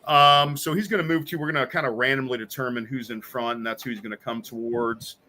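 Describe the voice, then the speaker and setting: A chatty man running a tabletop game with a bright, forceful voice. He reads flavor text and explains rolls at a middle pitch, with lots of fillers along the way. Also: fairly even intonation, fast talker, a little hiss or hum. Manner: chatty, laughs easily, many fillers. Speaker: game master.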